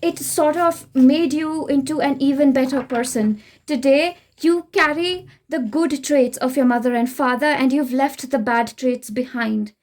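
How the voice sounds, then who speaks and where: A young Indian woman with an Indian English accent, giving a gentle, reassuring spiritual tarot reading straight to the listener. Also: sits high, a little slow, few pauses. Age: young adult. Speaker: tarot reader.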